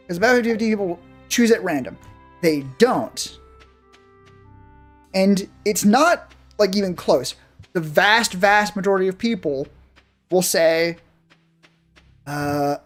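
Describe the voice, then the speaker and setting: A game streamer chatting casually with viewers while playing, rambling and swearing freely. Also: mid-range voice. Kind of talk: casual live-stream chat while gaming.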